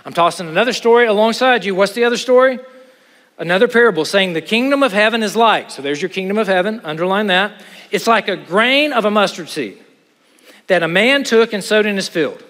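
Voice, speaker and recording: A middle-aged man preaching a sermon to a chapel audience, animated, with joking asides and rhetorical questions. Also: high voice, brisk. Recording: hall with long reverb.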